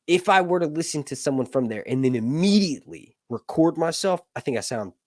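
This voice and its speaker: A YouTube channel host runs a casual livestream chat in a fairly high, expressive voice, talking briskly. He rambles and jokes, often cutting himself off mid-sentence and swearing offhandedly, with clean studio sound and no room sound.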